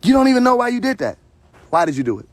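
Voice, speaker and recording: Very high and very animated, the man's voice races with no echo behind it. He's a livestream host talking from his phone in a hot, casual rant that turns confrontational and sermonizing, full of profanity and repetition.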